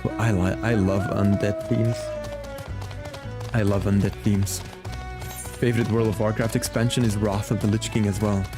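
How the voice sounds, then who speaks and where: A man's voice: lowish voice, level tone, moderate pace, long pauses, music in the background. A man streaming a game, chatting casually and rambling to his viewers. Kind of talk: casual gaming stream chat.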